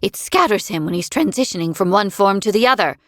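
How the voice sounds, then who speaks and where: A woman voicing a sour, vicious old female crone in an audiobook, speaking in a sharp, scolding and sarcastic way. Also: medium pitch, lively intonation, a little fast, no room sound, clean studio sound, natural voice. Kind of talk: audiobook character voice.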